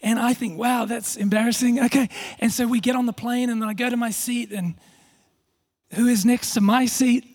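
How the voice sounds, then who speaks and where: A man's voice: very high voice, steady tone, normal speed, a little mellow. A man preaching a sermon, telling a story with self-deprecating humour and frequent restarts. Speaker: pastor.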